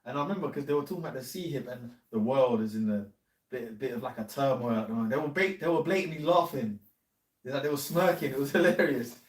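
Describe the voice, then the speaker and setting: A man's voice: medium pitch, quick pace, far from the mic. A man in a rambling casual chat, full of slang and often calling others "man". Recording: echoey room, off mic.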